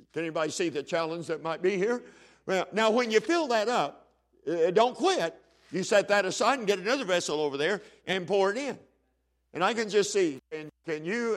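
A man delivers a sermon, in a fairly high voice. He tells the story in a folksy, conversational way and acts out the characters' lines. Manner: folksy, plays the story's characters in quick dialogue. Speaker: preacher.

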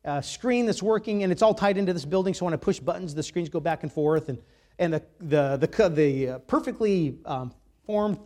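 A man preaching a sermon, reading scripture aloud with emphatic, dramatic swings between loud and soft. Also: on the high side, moderate pace. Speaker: pastor.

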